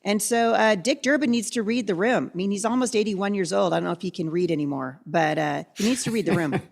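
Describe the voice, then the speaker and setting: A woman's voice: mid-range voice, fast, vocal fry. Emphatic woman guest on a talk show. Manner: emphatic, indignant. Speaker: guest commentator.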